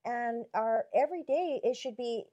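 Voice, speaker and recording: A woman's voice: fairly high pitch, normal speed, dark tone, dull audio. A woman on a Christian talk show reflecting on relationships through repeated rhetorical questions.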